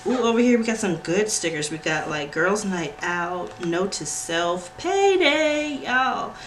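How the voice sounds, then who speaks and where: Woman, gushing unboxing host, slow drawl, noisy home recording with clicking. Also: fairly low pitch. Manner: excitable, gushing, frequent squeals and "y'all". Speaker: planner channel host. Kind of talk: casual unboxing vlog.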